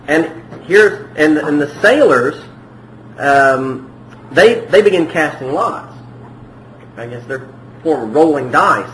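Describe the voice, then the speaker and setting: A man's voice: fairly high pitch, fairly bright tone. A man preaching a verse-by-verse sermon in a conversational way, often asking the congregation questions. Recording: echoey room with faint noise.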